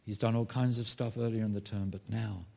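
A man preaching a sermon as pastor, emphatic, rising loud on key phrases and dropping low to make a point. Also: steady tone, a little fast, gravelly.

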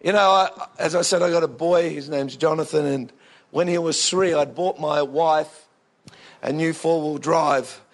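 An Australian man preaching a sermon, telling funny family stories in an animated, joking way that bursts into excitement. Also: fairly high pitch, unhurried. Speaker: pastor. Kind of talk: humorous storytelling sermon.

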